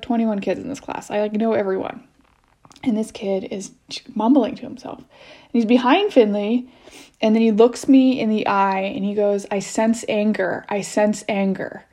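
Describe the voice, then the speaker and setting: A woman's voice: medium pitch, mellow. A woman in her thirties, a mother, telling a personal story casually on a podcast, rambling with many restarts. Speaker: mother sharing experiences as podcast guest.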